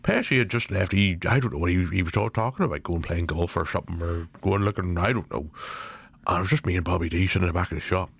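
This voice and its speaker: A man's voice: quick pace, vocal fry, a bit bright, breathy edge, dry recording, exaggerated voice. A man with a Northern Irish accent voicing a foul-mouthed elderly male butcher in an improvised comedy sketch. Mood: storytelling. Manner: profane, rambling, high strained delivery.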